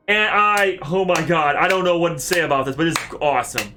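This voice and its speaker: A man streaming a game, giving heated, animated commentary full of cursing. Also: high voice, normal speed, hardly any pauses, faint music behind. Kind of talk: let's play commentary.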